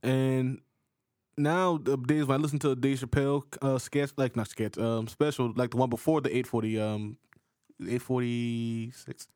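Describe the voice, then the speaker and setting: A man's voice: mid-range voice, normal speed, no room sound. Laid-back man telling stories, dry sound. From Charleston, South Carolina. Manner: relaxed, rambling storyteller with restarts. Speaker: podcast co-host. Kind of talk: casual chat.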